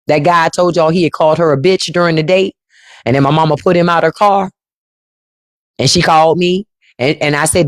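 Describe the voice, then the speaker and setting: A woman's voice: low voice, brisk, dry recording. A woman hosting a casual livestream, telling stories in a blunt, profane way into a close mic. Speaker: host.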